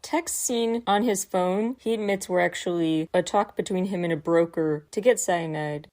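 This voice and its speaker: A chatty woman podcast host with a fairly low-pitched voice. She walks through events in order, dropping wry little asides and lifting into lively, playful voices when quoting others. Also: moderate pace. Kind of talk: recapping a K-pop variety episode.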